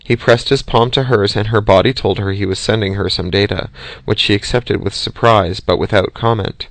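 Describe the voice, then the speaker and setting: A man reading an audiobook in a steady, measured way, close to the mic. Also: lowish voice, no room sound. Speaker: audiobook reader. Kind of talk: audiobook narration.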